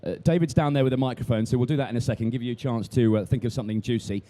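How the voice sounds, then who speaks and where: A man interviews a guest on a live stage in an easygoing, dry way, pausing on fillers. His voice is very dark and low in tone.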